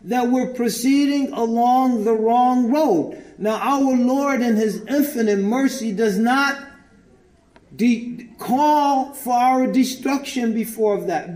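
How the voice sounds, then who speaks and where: A man preaching in a strikingly high voice, emphatic and searching as he puts rhetorical questions to the congregation. He recites scripture in Arabic and then explains it. The sound rings with the echo of a large room. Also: darkish tone. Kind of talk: sermon. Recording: echoey room.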